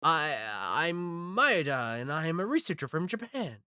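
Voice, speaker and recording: A man's voice: fairly high pitch, sing-song, unhurried, sharp tone, clean tone, dry recording, studio quality, full character voice. A man voicing a timid, apologetic male researcher who stammers nervously. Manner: hesitant, stammering.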